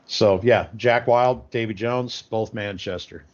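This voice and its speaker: Low-pitched co-host, rambles with lots of uhs, dull lo-fi audio. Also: male voice, a little slow. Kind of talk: casual call-in chat.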